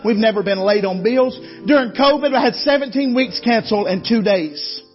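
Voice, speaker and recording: A man's voice: sits high, expressive, normal speed, dull audio, soft background music. A man, preaching a sermon in a folksy storytelling way and calling out to the congregation. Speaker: guest preacher. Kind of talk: Southern revival sermon.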